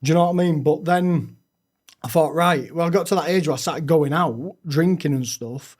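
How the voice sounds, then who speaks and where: A young man, a podcast guest telling his own story frankly, with halting restarts. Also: fairly high pitch, darkish tone. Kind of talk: candid personal storytelling.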